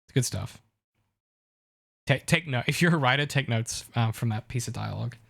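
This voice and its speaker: A man's voice: mid-range voice, moderate pace, vocal fry, a bit bright. Guy cohosting a tv podcast, eager, picks apart the writing, casual. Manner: enthusiastic, lots of restarts. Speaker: podcast co-host. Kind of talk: casual analytical chat.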